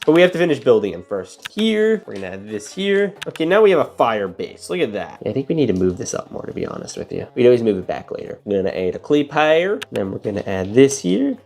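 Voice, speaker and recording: A man hosting a casual toy unboxing, chatting excitedly as he builds and often jumping up in pitch.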